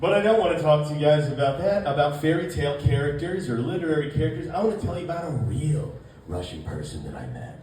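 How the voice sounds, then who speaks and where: A man doing a stand-up comedy set, telling a story and acting out both sides of a date in an animated way. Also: a little high, fast, heavy reverb, recorded from a distance, slight background noise, low-quality recording.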